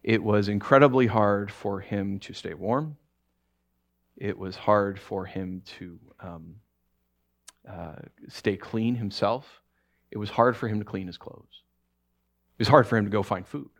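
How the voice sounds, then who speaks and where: A man preaching by telling a story, speaking softly and haltingly with frequent restarts. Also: lowish voice, vocal fry. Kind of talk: sermon storytelling.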